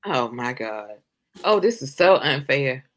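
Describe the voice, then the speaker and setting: A woman's voice: very deep voice, measured pace. Woman author chatting as a guest, funny and frank, voice swings all over. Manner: candid, humorous, expressive. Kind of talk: casual interview.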